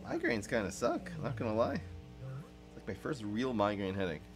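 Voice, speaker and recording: A young man giving casual, excitable gameplay commentary and teasing banter to his viewers. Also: lowish voice, moderate pace, music in the background. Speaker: streamer. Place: dim room at his parents' home.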